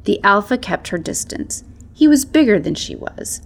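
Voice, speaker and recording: A woman narrating a storybook tale in a measured, soft-spoken way. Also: medium pitch, very animated, vocal fry, a little hiss or hum.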